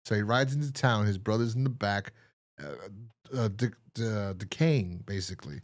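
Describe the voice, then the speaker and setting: A man's voice: fairly low pitch, moderate pace. A man co-hosting a podcast, casually reviewing and recapping a story with lots of fillers. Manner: rambling, lively, many fillers. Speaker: podcast co-host.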